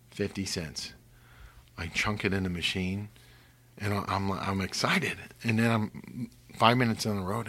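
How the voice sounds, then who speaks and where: Low, husky older man telling faith stories. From Missouri, US. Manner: earnest, drops to a hushed whisper for emphasis. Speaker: guest. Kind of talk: faith testimony storytelling.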